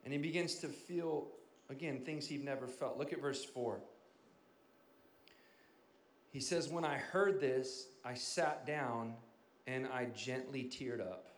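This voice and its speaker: A male pastor preaching a sermon, swinging from loud emphasis down to quiet, hushed asides. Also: mid-range voice, unhurried, roomy sound.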